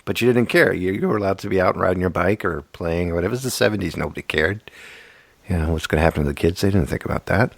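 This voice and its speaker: Racing through his stories, this man in his fifties hosts a laid-back podcast conversation full of jokes and frequent laughter. He speaks in a low voice with vocal fry, and the sound has no echo.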